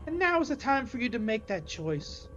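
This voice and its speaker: A woman voicing a fanatical male cult leader in a low, solemn, preaching tone. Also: sing-song, moderate pace, fairly bright tone, dull audio, a little hiss or hum.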